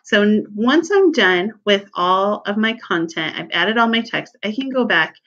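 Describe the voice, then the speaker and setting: A woman giving a relaxed screen-recorded software tutorial, thinking aloud with fillers and small self-corrections. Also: mid-range voice, measured pace, dull audio.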